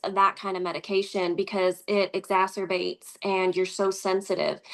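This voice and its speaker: Midwestern woman guest, lively conversational storyteller who voices the people she quotes. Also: medium pitch. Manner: animated, acts out quoted dialogue. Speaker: interview guest.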